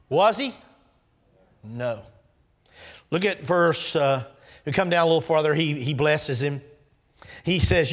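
Delivering a sermon at a normal pace with frequent pauses, this man shifts from booming, rising outbursts to soft asides. He voices the dialogue from scripture in a down-home, folksy style.

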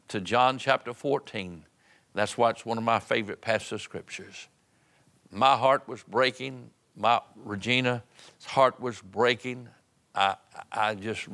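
A middle-aged man preaching a sermon in a rhythmic style, building long lists of phrases and dropping from loud declarations to soft, hushed words. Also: fairly low pitch.

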